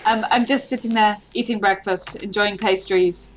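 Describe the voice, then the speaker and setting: Deadpan woman player over a noisy mic. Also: medium pitch, normal speed. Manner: dry and deadpan. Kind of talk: casual chat at a tabletop game.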